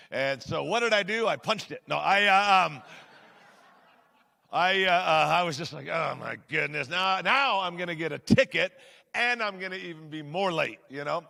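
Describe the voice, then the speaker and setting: A man's voice: high-pitched, gravelly, pushed and bright. A middle-aged man preaching, telling a story in a chatty, self-deprecating way with many fillers, in a church sanctuary. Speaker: guest pastor. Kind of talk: sermon storytelling. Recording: large hall with long reverb.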